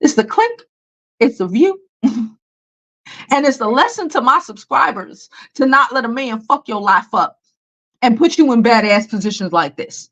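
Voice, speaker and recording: A woman's voice: on the high side, expressive, moderate pace, a bit bright, dull audio. A young woman, hosting a casual celebrity commentary vlog in a blunt, profane, dismissive way with many fillers. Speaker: beauty and celebrity news host.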